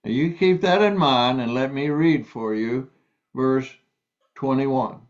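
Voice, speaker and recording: A man preaching a sermon, reading scripture aloud and explaining it slowly and deliberately, stressing key words. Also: mid-range voice, dull audio.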